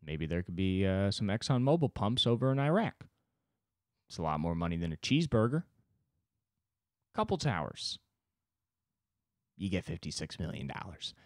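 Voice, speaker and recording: A man voicing a scheming male official who casually pitches a war plan like a sales pitch. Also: sing-song, moderate pace, pauses often, a little mellow, no room sound, studio quality. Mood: breezy scheming.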